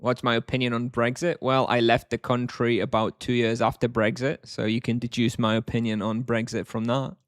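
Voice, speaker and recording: A man's voice: medium pitch, little pitch movement, moderate pace, few pauses, no echo, clean studio sound. A man chatting casually while streaming a game, answering chat in a wry, offhand way.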